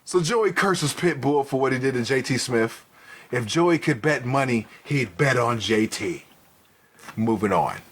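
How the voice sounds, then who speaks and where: A man's voice: mid-range voice, lively intonation, a little slow, husky. A man co-hosting a casual wrestling review podcast, swearing freely, laughing often and acting out wrestlers' lines. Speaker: podcast co-host.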